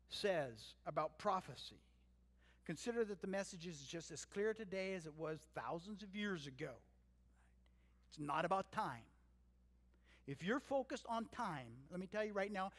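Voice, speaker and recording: Pastor, male, high voice, earnest emphatic sermon delivery, church sanctuary with long reverb. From Canada. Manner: earnest, emphatic preaching with storytelling asides.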